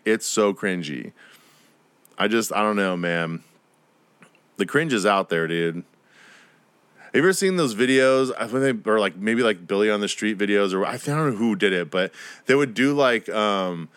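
A man's voice: fairly low pitch, fairly bright tone, clear, resonant tone, no room sound. A young man ranting on his own podcast, rambling and profane, laughing and mocking people in silly voices. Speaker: podcast host. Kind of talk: solo podcast rant.

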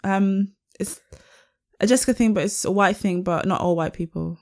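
A young woman with a British accent, trading banter as a podcast co-host. Her voice sits at an ordinary mid pitch for a woman. She talks expressively, teases, swears offhand and laughs freely. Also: moderate pace. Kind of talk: casual chat.

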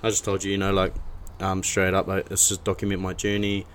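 Low-voiced podcast host, quick relaxed slangy talk, faint room noise. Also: male voice. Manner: laid-back, filler-heavy, slangy. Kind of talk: casual chat.

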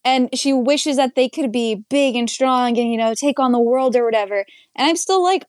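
A woman's voice: high voice, normal speed, hardly any pauses, a little mellow, no echo, studio quality. A young woman co-hosting a casual movie review podcast, blunt and sarcastic in her criticism. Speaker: podcast co-host.

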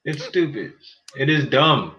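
A man hosting a podcast, arguing loudly and joking in casual banter, laughing often. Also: mid-range voice, lively intonation, a little slow. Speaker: podcast host. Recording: slightly dull sound with faint noise.

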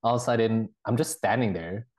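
A man co-hosting a podcast, telling halting, rambling anecdotes in casual chat with laughs. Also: lowish voice, a little mellow. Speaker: podcast co-host.

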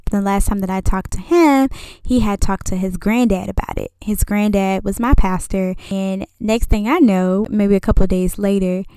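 A woman in her twenties telling a personal story casually, animated and acting out the dialogue. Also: medium pitch, smooth, no echo, studio quality. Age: 20s. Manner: lively and animated, acts out dialogue. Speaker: vlogger.

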